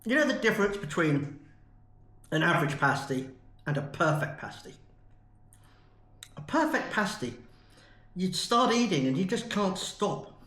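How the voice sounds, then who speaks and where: A man's voice: sits high, very animated, measured pace, pauses often, fairly bright tone, echoey room. A man from the UK in a chatty, enthusiastic food review vlog. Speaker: food vlogger.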